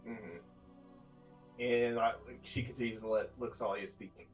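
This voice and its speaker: Slow-talking male tabletop player. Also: fairly low pitch, steady tone, soft background music, rough recording. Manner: slow, thinking aloud while counting dice. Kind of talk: casual tabletop play.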